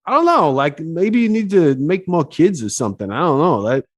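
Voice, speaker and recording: A man's voice: on the high side, very animated, normal speed. Chatty, swearing male podcast host. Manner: loose and joking, lots of fillers and swearing. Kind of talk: casual podcast chat.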